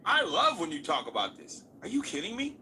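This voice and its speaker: A man's voice: high-pitched, wildly swooping pitch, brisk, slight background noise, exaggerated voice. A man voicing a giddy, mocking male online troll who gushes with exaggerated glee. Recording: loud game music behind voice.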